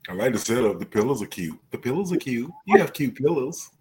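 Playful teasing man, lively pitch. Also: fairly quick, a little hiss or hum. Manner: playful, teasing, bursts into laughter. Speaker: podcast host. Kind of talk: casual group chat.

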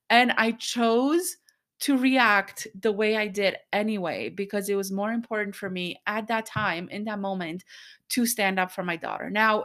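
A woman hosting a podcast, venting to her listeners in a personal monologue. She sounds angry and worked up, frustrated, and talks in bursts with quick asides. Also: mid-range voice, fairly bright tone. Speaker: podcast host.

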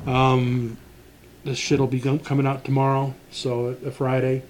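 A man's voice: mid-range voice, monotone, measured pace, slight background noise. A middle-aged man co-hosting a podcast, swearing and joking in casual banter. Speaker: podcast co-host. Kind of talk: casual chat.

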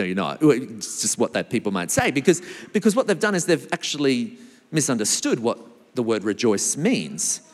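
A man preaching a sermon as pastor, lively and animated, with big swings in his delivery. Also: mid-range voice. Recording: long hall reverb.

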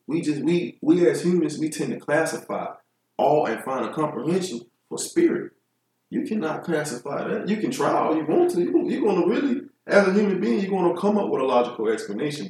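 A man's voice: on the high side, lively intonation, brisk, darkish tone. A man speaking reflectively and philosophically in casual podcast chat. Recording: echoey, distant from the mic.

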